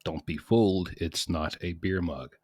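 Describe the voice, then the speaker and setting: A deep-voiced man rambles through a casual morning podcast from a small room at home. His talk is chatty and self-correcting, and the sound is close and dry with no room ring. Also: measured pace, a little mellow, dry recording. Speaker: podcast host. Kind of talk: casual chat.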